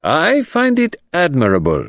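A man reading an audiobook voices a cold, imperturbable detective who speaks smoothly with a hint of menace. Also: medium pitch, very animated, moderate pace, dry recording, studio quality, pitched above the performer's own voice, natural voice.

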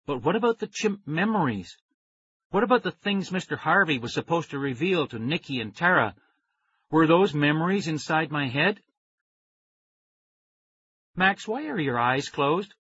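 A man reading a children's story aloud in first person, with expressive storytelling. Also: fairly high pitch, normal speed, breathy edge. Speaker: audiobook reader. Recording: dry, dull lo-fi recording.

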